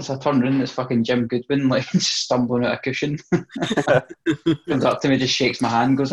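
A man's voice: mid-range voice, flat delivery, moderate pace, muffled recording. A young Scottish man co-hosting a football podcast, telling stories casually and swearing freely. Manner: swears freely, storytelling with laughs. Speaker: podcast co-host. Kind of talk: casual chat.

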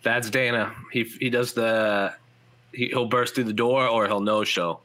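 Bright-voiced man chatting about fights. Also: mid-range voice, steady tone. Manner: rambling, quick lists of fights with many fillers. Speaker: MMA podcast host. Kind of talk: casual chat. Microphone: headphones and studio mic.

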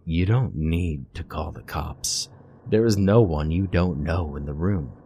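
A man voicing a cold, commanding voice that speaks inside a woman's head in a spoken horror story, low, soft and slow. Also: husky, full character voice. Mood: sinister, coaxing. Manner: sternly persuasive.

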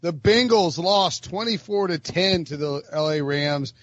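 A man's voice: a little high, a little slow, a bit bright, no echo, muffled recording. A man hosting a sports podcast, joking around and reading out stat lines. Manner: jokey, reads stats in a rattling list. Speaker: podcast host. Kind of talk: casual sports chat.

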